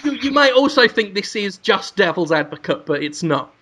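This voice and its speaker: A man's voice: high-pitched, sing-song, normal speed, background noise. A man telling an absurd made-up story on a podcast, rambling, giggling and slipping into silly put-on voices. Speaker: podcast panelist.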